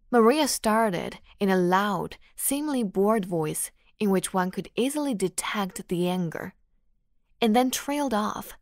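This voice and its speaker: Female audiobook narrator, slow measured delivery, mid pitch, dry close mic. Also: no echo. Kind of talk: scripted narration.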